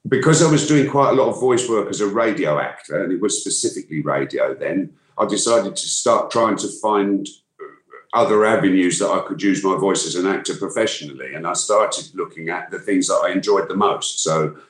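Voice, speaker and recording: A man with a London accent talks as an interview guest, eager and chatty, circling back and restarting his sentences. His voice sits very low. The room around him rings with echo. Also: expressive, brisk. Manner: enthusiastic, chatty, frequent restarts. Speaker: voice actor guest. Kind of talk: casual interview chat.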